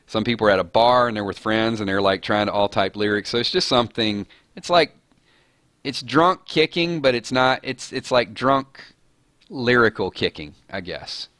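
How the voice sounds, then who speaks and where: A man's voice: lowish voice, moderate pace, a bit bright, no room sound, clean studio sound. A man hosting a casual live-stream chat, rambling and chuckling as he talks. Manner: rambling, chuckling, self-deprecating. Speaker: host.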